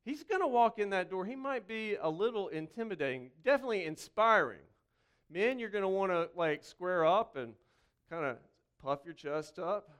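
Animated preacher man with a smooth, resonant voice. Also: high voice. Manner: hushed, slow prayer. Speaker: pastor. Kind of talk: sermon with prayer.

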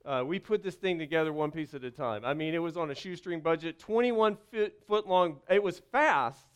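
A pastor preaches with a Southern lilt in a high, smooth voice at normal speed, sounding like a sermon from the pulpit. He tells stories in an animated, rambling way, cutting himself off and restarting mid-sentence.

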